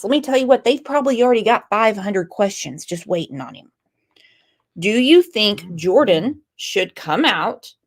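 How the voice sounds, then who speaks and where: Slow, chatty woman streamer. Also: on the high side. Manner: unhurried, chatty, reads viewer comments aloud. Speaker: true crime channel host. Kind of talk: casual live-stream commentary.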